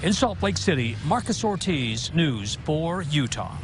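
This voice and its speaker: A man's voice: on the high side, sing-song, measured pace, heavy background noise. A man, a news reporter, delivering a scripted TV news report and sign-off.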